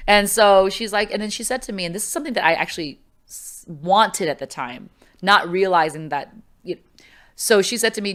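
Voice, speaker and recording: Speaking at normal speed with a medium-pitched voice, a middle-aged woman guests on a podcast and shares a personal anecdote. She's casual and animated, throwing in many fillers and performing the quoted voices herself.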